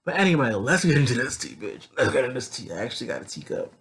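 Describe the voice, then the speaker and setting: A man's voice: medium pitch, big pitch swings, quick pace, very noisy. A man casually recapping a story episode in a sassy, profane, rambling way. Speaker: recap vlogger.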